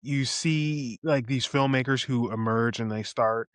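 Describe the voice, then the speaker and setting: A man co-hosting a film review podcast at a middling pitch, recounting scenes in a lively way and acting out the quoted lines. He swears freely and talks casually. The recording is dry and close. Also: measured pace, no echo. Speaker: podcast co-host.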